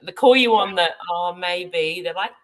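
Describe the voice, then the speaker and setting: A woman's voice: on the low side, unhurried, rough recording. An Australian woman hosting a casual chat as a medium, reading viewer comments aloud and laughing often. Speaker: medium and host.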